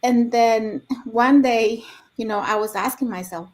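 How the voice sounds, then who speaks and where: A woman guest sharing a personal story in an earnest, reflective way, with halting repeats. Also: fairly high pitch. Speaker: guest speaker.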